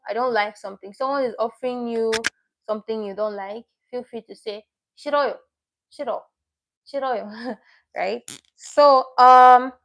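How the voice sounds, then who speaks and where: A woman's voice: a little high, fairly bright tone. A woman teaching a livestream lesson, explaining patiently step by step and repeating each word she teaches. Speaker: Korean language teacher.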